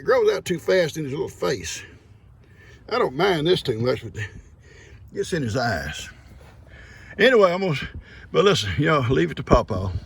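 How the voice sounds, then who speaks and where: Older male farmer-host, gravelly, animated delivery, easygoing vlog narration outdoors. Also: mid-range voice. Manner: folksy and chatty, chuckles often. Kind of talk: casual vlog narration while working. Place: outdoors by a creek on a farm.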